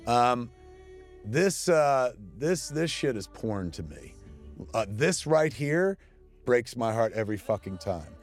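A man gives a loose, casual commentary over his own film. He talks with excited energy, swears freely and stumbles into restarts. His voice sits at an ordinary pitch, with faint film music playing underneath. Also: takes it slowly. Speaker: filmmaker giving audio commentary.

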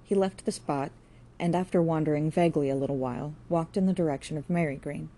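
Low, mellow woman narrating a classic novel. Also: quick pace. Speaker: audiobook narrator.

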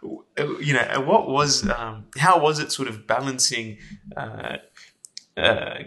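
A man hosting an interview, asking long, halting questions full of restarts. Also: medium pitch, a bit bright. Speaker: interviewer, podcast host. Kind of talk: casual interview.

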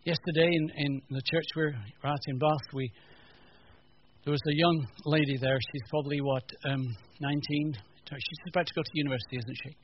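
A man's voice: a little high, brisk. Man preaching, muffled lo-fi sound. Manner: storytelling, animated retelling with quotes. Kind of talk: sermon. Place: church teaching session. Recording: muffled lo-fi recording, faint room noise.

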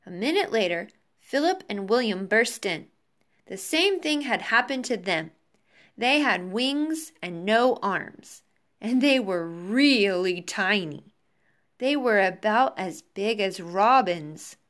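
Slow, expressive woman teacher reading aloud. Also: medium pitch. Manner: slow, expressive, warm sign-off to pupils. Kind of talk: reading a children's book aloud to a class. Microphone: video call.

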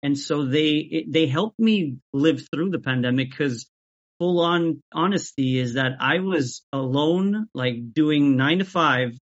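A man talking as an interview guest about making sketches, even-keeled and often restarting his sentences. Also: on the high side, a little slow. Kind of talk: casual interview chat. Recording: dull lo-fi audio.

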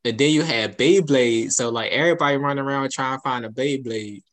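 A man's voice: mid-range voice, fairly quick, fairly bright tone. A young man chatting casually, telling childhood stories with easy laughter. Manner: laid-back storytelling, laughs often, acts out quotes. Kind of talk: casual chat.

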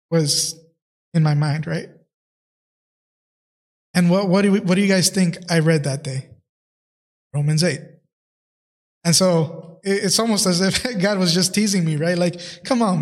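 A man with a slightly higher voice hosts his own podcast. He tells a personal faith story in a loose, earnest way, full of fillers and restarts. Long reverb trails behind his voice. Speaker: podcast host. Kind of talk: casual faith reflection.

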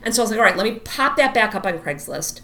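A woman's voice: mid-range voice, fast. A woman in her thirties chatting casually, telling a story and acting out the quotes with lots of "like". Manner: animated, acts out quotes, says "like" a lot.

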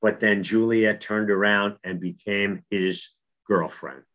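A man's voice: on the low side, fairly even intonation, slow pace, a bit bright. A middle-aged man from New Jersey telling a personal faith story in casual, earnest talk, with frequent restarts. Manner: earnest, repeats words and restarts.

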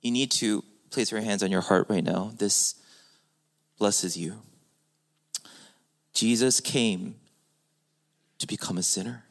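A man's voice: fairly high pitch, a bit bright. A man preaching a sermon as a pastor, emphatic, with his voice rising and falling for stress.

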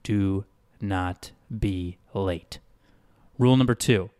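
A man voicing a nervous male prisoner who gives blunt, hushed warnings about the town's rules. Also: deep voice, slow, clean tone, no echo, studio quality. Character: jittery male long-time prisoner, fearful and blunt.

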